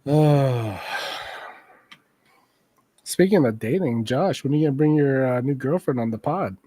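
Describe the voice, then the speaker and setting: A man's voice: mid-range voice, a little slow, mellow, no room sound. Teasing man joking on a podcast. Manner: joking, teasing, trails off into asides. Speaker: podcast co-host. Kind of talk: casual chat while drawing.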